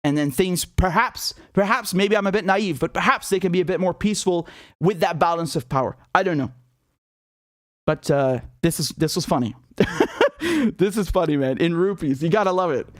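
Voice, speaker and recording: High-voiced man ranting on a live stream. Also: fairly quick, no room sound, studio quality. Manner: animated and scornful, laughs often, frequent restarts. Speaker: host of a live political commentary stream. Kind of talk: live-stream political commentary.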